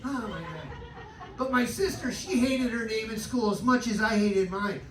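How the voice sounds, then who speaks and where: A man's voice: sits high, lively intonation, moderate pace. A man doing a stand-up set on a live cabaret stage, crude and self-deprecating, working the crowd. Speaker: stand-up comedian. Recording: roomy live club recording from a distance, noisy.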